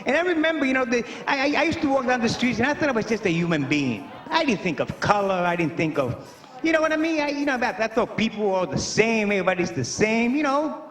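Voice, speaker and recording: Puerto Rican stand-up comic, high and animated, chatty with loose asides. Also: male voice, fast talker, exaggerated voice. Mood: storytelling. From Puerto Rico. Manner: rambling, animated storytelling with many fillers. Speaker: stand-up comedian. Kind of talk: stand-up comedy set.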